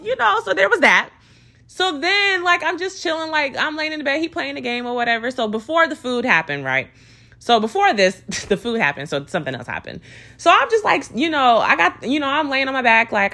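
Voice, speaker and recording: A woman's voice: medium pitch, sharp tone. A young woman telling a dating story as a casual storytime rant, swearing freely and sounding exasperated, with lots of "like" and "you know".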